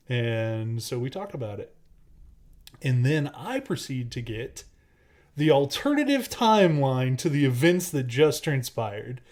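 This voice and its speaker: A man's voice: mid-range voice, a little mellow. A man co-hosting a casual podcast, telling a story in a rambling way with lots of fillers and restarts. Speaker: podcast co-host.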